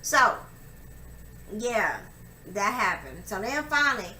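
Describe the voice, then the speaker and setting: A woman's voice: mid-range voice, very animated, slow. Profane, emphatic woman storyteller. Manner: profane, emphatic, acts out quotes loudly. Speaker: vlogger telling a personal story. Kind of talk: candid storytelling monologue. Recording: echoey room with faint ambient noise.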